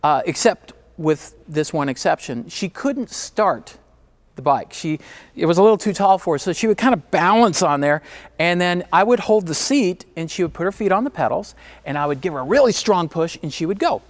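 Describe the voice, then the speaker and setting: A middle-aged male keynote speaker tells a personal story to an audience. He pushes his points emphatically, then drops low and quiet, in a voice sitting slightly high for a man. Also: lively intonation, normal speed. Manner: emphatic, swings from driving to hushed.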